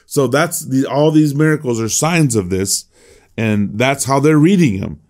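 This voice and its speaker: A man's voice: medium pitch, measured pace, a little mellow. A man teaching a devotional Bible class in a conversational way, often restarting his sentences and reading scripture aloud.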